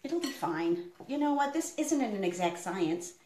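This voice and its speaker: A woman's voice: mid-range voice, very animated, unhurried, mellow. A middle-aged woman chatting casually on a live stream while she cooks in her home kitchen. She rambles, with plenty of fillers. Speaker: homestead vlogger. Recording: echoey room.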